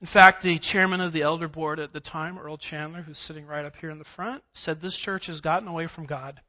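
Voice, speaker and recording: A man preaching in a church, his voice pitched high and bright as he drives his points home with repeated phrases and scripture references. The recording sounds a little dull and lo-fi. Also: steady tone, fairly quick. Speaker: pastor. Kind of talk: verse-by-verse sermon. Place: church sanctuary.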